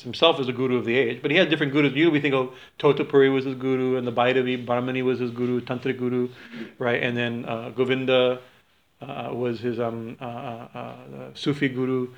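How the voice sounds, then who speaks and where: A man teaching a small group in an informal spiritual talk, halting with many fillers and restarts. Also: mid-range voice, flat delivery, dull audio.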